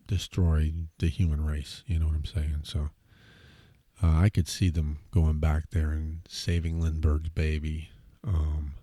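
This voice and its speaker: Deep gravelly man musing aloud. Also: warm tone, no room sound, clean studio sound. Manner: rambling, musing aloud with fillers and asides. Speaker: podcast host. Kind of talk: casual monologue.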